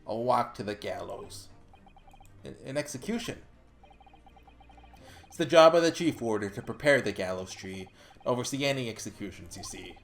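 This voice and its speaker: A let's player voicing a gruff older Scottish prison governor, reading game dialogue in a slow, low, halting put-on brogue. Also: expressive, slight background noise, lightly acted. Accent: attempted Scottish.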